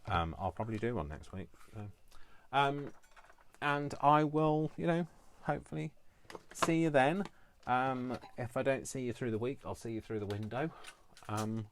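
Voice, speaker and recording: A man signing off a casual crafting vlog from his kitchen, rambling and jokey with lots of fillers, affectionate toward his viewers. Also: fairly low pitch. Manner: rambling and chatty with many fillers. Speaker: crafting vlogger. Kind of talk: casual live-stream sign-off chat. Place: home kitchen, indoors.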